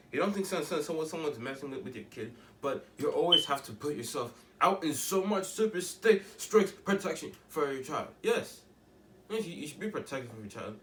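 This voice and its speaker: A man's voice: a little high, fairly bright tone, roomy sound, distant mic. A teenage boy talking in a rambling, emphatic way, often restarting and asking rhetorical questions. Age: teens. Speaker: vlogger. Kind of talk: casual monologue to camera.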